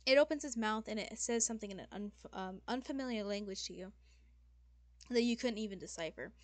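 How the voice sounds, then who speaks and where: A woman's voice: mid-range voice, a little fast, no echo. A young woman narrating as game master, rambling with fillers and corrections as she goes.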